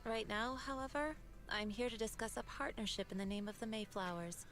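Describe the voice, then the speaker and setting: A woman's voice: medium pitch, fairly bright tone, close to an everyday voice. A woman voicing Yixuan, a serene mystic. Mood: composed. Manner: measured, formal and serene. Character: calm composed young woman mystic. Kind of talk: game voice acting. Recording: game audio with faint music.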